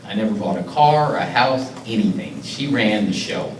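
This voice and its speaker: A man's voice: on the low side, expressive, normal speed, background noise. A middle-aged man, a county executive, giving a public speech and earnestly telling an emotional personal story. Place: community meeting hall. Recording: roomy, distant mic, faint ambience.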